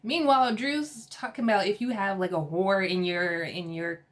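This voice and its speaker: A woman recapping a reality TV episode in a casual, sassy and animated way, with slang and laughter. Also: mid-range voice, normal speed. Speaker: TV episode reviewer.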